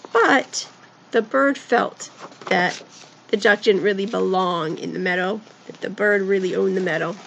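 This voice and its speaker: A woman narrating a story for children in a playful, animated way, coaxing her young listeners to join in. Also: medium pitch, creaky, a little hiss or hum, rough recording.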